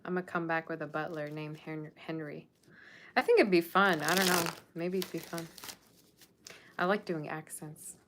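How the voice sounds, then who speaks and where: A young adult woman hosts a tarot livestream in a low-pitched, steady, slightly bright voice at a moderate pace, over a faint hiss or hum. Chatting casually, she sassily teases her viewers.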